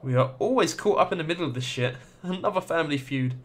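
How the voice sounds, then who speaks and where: A man giving casual Let's Play commentary, excitable, swearing and laughing as he plays. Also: a little high, fast.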